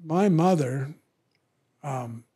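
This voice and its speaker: Podcast guest, middle-aged man, a touch high, animated profane storyteller. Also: slightly rough. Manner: animated, acts out others' lines in raised voice; profane, drawn-out slang. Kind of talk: storytelling in casual talk.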